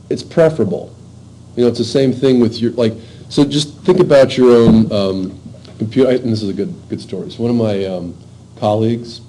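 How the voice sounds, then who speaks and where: A male lecturer talks a class through the material in a relaxed, conversational way, stopping often to restart a thought. His voice sits low and mellow, and the delivery is unhurried and informal. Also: a little hiss or hum, rough recording. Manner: informal, halting, many fillers and restarts. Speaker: university lecturer.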